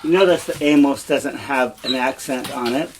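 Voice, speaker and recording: A man teaching a Spanish grammar lesson, explaining slowly and repeating each example in both languages. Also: medium pitch, background noise. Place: home, dogs nearby.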